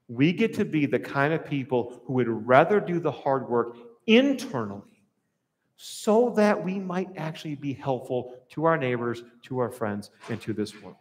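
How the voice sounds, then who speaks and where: A man preaching a sermon as a pastor, animated and acting out little scenes in other voices. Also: fairly high pitch. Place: church sanctuary. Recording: reverberant church sanctuary.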